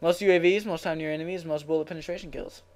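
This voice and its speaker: A man's voice: a little high, fairly even intonation, fast. Young man raging over a video game. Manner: swearing, swinging between raging shouts and muttering. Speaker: gaming channel host. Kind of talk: live gameplay commentary.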